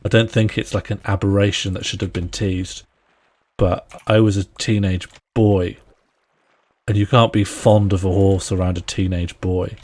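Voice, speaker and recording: His deep, slightly mellow voice stays fairly flat in pitch and moves at a moderate pace as he live-streams a video game. He chats playfully with his viewers and friends in casual fashion, laughing frequently and talking to himself while he plays.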